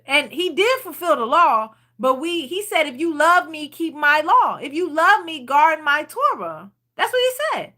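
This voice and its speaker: Woman, high voice, bright tone, chatty rambling faith talk. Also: very animated, normal speed, few pauses. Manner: chatty and rambling, reading viewer comments aloud. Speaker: channel host leading a Bible study. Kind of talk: casual faith talk to viewers.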